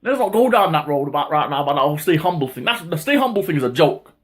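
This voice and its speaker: A man hosting his own boxing talk channel, ranting in a heated, casual way, with lots of swearing and sudden high-pitched outbursts. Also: big pitch swings, fast. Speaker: boxing commentary vlogger. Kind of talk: casual opinion rant.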